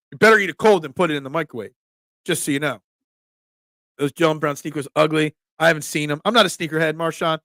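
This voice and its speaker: A middle-aged man with a thick Delco accent from the Philadelphia area, hosting a casual live chat in a blunt, rambling way. His voice sits a little high and carries a gravelly edge. The sound is dry and close, with no room around it. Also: fairly bright tone, no room sound. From Delaware County, Pennsylvania. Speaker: host, pizza shop owner.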